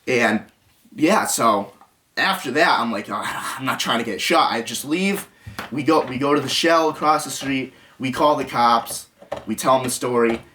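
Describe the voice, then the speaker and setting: A man's voice: mid-range voice, measured pace, bright, forceful tone, distant mic. Young man venting a story to camera. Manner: rambling, restarts often, quotes others. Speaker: vlogger.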